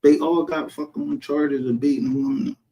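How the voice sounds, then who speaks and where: A man's voice: fairly high pitch, fairly even intonation, moderate pace, mellow, rough recording. A man ranting in a casual livestream commentary, profane, heated and rambling as he calls people out. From northern United States. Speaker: streamer. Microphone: home streaming setup.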